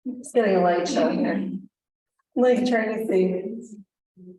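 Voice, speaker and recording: A woman yoga teacher, around her thirties, a little hoarse, chatting to her class and telling a story in a casual, rambling way. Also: mid-range voice, takes it slowly, dark tone. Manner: chatty, storytelling, many "like" asides. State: slightly hoarse. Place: yoga studio. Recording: very echoey room with faint ambience.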